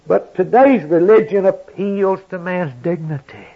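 A man preaching a sermon, building from quiet reasoning to high, impassioned cries. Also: measured pace, husky, highs cut off.

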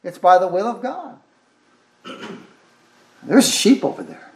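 A man's voice: high-pitched, sing-song, measured pace, gravelly, reverberant. A man preaching a sermon with fervor, repeating phrases and exclaiming "oh my" as he goes.

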